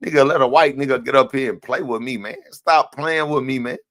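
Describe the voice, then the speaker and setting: A man's voice: mid-range voice, a little fast, fairly bright tone, dry recording. A man, ranting heatedly and profanely as a live stream host. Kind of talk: casual ranting commentary.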